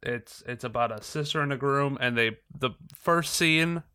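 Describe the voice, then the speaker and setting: A man with a bright, forward tone banters on a podcast, joking and laughing often. His voice sits at a middle pitch. The recording is dry and close. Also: normal speed, smooth, dry recording. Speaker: podcast co-host. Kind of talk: casual chat.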